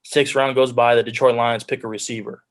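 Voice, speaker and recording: A man's voice: medium pitch, level tone, brisk. A man in his twenties, a pro football player, earnestly telling his life story as a guest on a video call, often quoting his own thoughts. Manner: earnest storytelling, drops into quoted self-talk.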